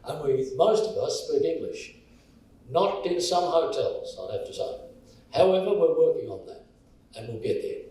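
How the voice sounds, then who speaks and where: A man's voice: a little high, animated, moderate pace, dark tone. An Australian man giving a joking, story-filled speech at a college event. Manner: jokey, storytelling. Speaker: college representative. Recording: echoey hall from far off.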